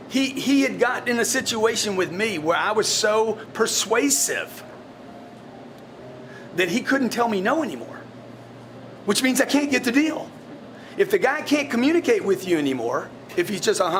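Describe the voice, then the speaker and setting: In front of a live group of his staff, a sales team leader gives a blunt, profane motivational talk, tripping over repeated words as he drives his point home. His voice is fairly high and a bit bright, with a faint hiss under the recording.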